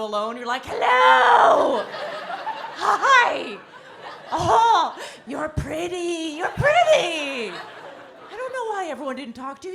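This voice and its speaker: A woman performing a stand-up comedy set on a club stage, wry and self-deprecating, breaking into animated impressions. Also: a little high, noisy background.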